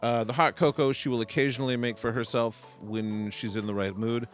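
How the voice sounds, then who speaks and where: A man co-hosting a livestream in casual chat, playful and quick with jokes. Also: medium pitch, fairly even intonation, soft background music. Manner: playful, slips into joke voices and impressions. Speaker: co-host.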